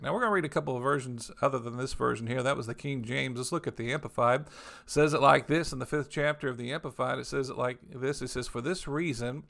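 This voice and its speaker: A man preaching a sermon as pastor, filling pauses with "amen" and "praise the Lord", slowing down to read scripture aloud. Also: mid-range voice, vocal fry, fairly bright tone. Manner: repeats "amen" and "praise the Lord" between sentences, reads scripture slowly.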